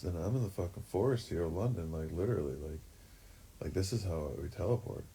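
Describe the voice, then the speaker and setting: A man's voice: deep voice, fast talker, mellow, slight background noise. A man talking in a rambling, profane way, full of fillers, in a livestream monologue. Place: forest shack.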